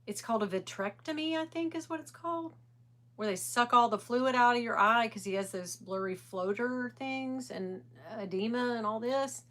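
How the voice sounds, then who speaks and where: A chatty middle-aged woman rambles through a casual livestream, greeting viewers by name as she goes. Her voice is bright and a little high, and she talks in an animated way. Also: moderate pace. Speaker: livestream host.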